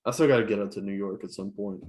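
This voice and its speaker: A man's voice: fairly low pitch, fast talker, darkish tone. A man co-hosting a podcast in casual chat, laid-back and agreeable, mostly giving short replies. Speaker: podcast co-host, teacher.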